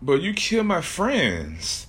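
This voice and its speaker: A man's voice: on the high side, huge pitch swings, slow pace, a bit bright, voice pushed up, heavily acted. A man voicing a frightened young woman who pleads for her life. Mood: scared. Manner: pleading, panicky. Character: scared young woman, last survivor.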